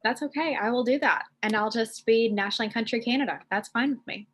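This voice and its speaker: A woman's voice: fairly high pitch, a little fast, a bit bright. A woman hosting a casual interview over a video call, bubbly and enthusiastic as she asks questions and answers her guest. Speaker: interview host.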